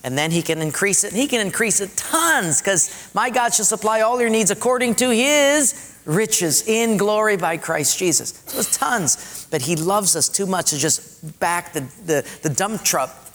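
A man's voice: sits high, animated, moderate pace, fairly bright tone, big-room sound. A man preaching a sermon, telling a story animatedly and acting out the voices.

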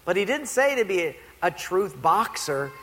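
A middle-aged male pastor preaching a sermon to a congregation, telling stories in an animated, playful way. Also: high-pitched, normal speed, slight background noise. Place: church before a congregation. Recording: long hall reverb.

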